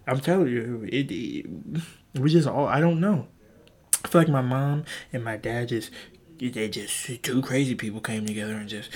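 A young man talking alone on his podcast with a lively voice that swings up and down. He rambles and swears and mocks himself. His voice is a little husky. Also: mid-range voice. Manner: crude, animated, rambling and self-deprecating. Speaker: podcast host. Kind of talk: solo podcast rant. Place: home with a loud family nearby.

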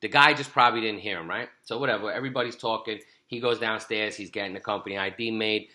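A man's voice: fairly low pitch, fast talker, bright, forceful tone. A man who owns a pest control company, telling a customer service story in a casual business chat. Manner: storytelling, candid. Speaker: business owner.

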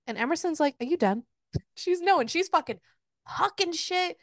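A woman co-hosting a casual book podcast, retelling a plot with lots of swearing and quick put-on quotes of the characters. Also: very high voice, big pitch swings, no room sound, studio quality. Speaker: podcast co-host. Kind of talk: casual book-review chat.

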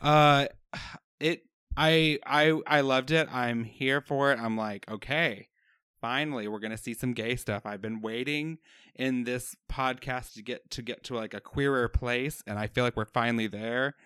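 A man's voice: medium pitch, fairly even intonation, measured pace, fairly bright tone, smooth, no room sound, studio quality. A man co-hosting a podcast, talking casually and laughing often. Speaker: podcast co-host.

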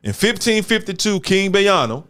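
A man's voice: high-pitched, big pitch swings, normal speed, fairly bright tone, smooth. A man hosting a casual talk show, speaking emphatically in street slang and repeating words for stress. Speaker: show host. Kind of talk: casual chat.

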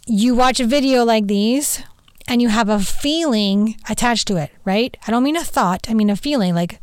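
A woman hosting a podcast in casual, animated chat who swears freely. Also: mid-range voice, smooth, no room sound. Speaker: podcast host.

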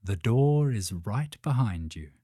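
A man voicing a slow, soothing ancient spirit. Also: fairly low pitch, lively intonation, dark tone, dry recording, clean studio sound.

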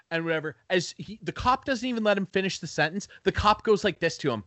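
A man's voice: high voice, fast, few pauses, no echo. A man hosting a podcast, telling a story in casual chat, acting out the people in it and swearing freely. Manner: animated storytelling, acting out quoted people, profane. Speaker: podcast host.

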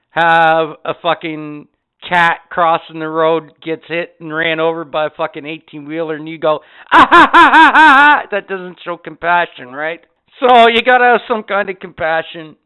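A man's voice: fairly high pitch, smooth. A man hosting a podcast, telling rambling stories full of swearing in a casual rant. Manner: profane, animated storytelling. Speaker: podcast host. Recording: tinny phone-like sound.

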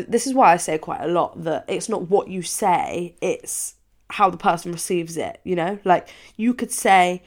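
In a long, casual confessional chat, a young woman rambles on, leaning heavily on "like" and re-enacting things she once said by raising her voice for the quotes.

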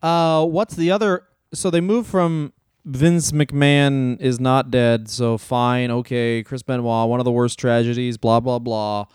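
A man's voice: mid-range voice, steady tone, a little slow, a little mellow, clean tone, dry recording. A man co-hosting a comedy podcast, recounting stories in casual chat on a close podcast mic. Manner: storytelling, laughs easily. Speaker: podcast co-host.

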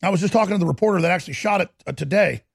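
A male talk show host rants heatedly and sarcastically through a political monologue. His voice sits fairly high and is rough and gravelly with a raspy edge. The sound is close and dry. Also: very fast, no echo. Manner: ranting, sarcastic, slips into mocking impressions.

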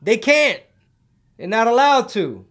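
A man's voice: very high voice, big pitch swings, slow, fairly bright tone. A man hosting a casual livestream, rambling in slang and slipping into Spanish while reading the chat. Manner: laid-back slangy rambling, mixes in Spanish. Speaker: podcast host reading live chat.

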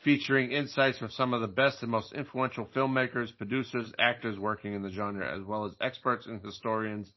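A man's voice: medium pitch, fairly even intonation, brisk, few pauses. Guy on a movie podcast reading news, keeps tripping on words, kinda dull lo-fi sound. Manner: stumbles over words while reading, joking. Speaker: podcast co-host.

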